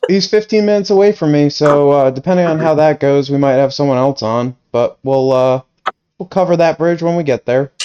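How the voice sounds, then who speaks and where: A man's voice: a little high, a little fast, mellow, smooth. Laid-back man with a dull, muffled sound. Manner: laid-back, steers the talk. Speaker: podcast co-host. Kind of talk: casual chat.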